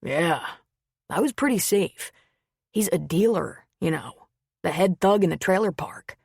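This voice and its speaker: A woman's voice: on the low side, expressive, a little slow, creaky, darkish tone, breathy edge, dry recording, studio quality, exaggerated voice. A woman voicing a blunt, wry man in an audiobook, speaking in a plain, offhand way. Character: man who tends to others, blunt and wry.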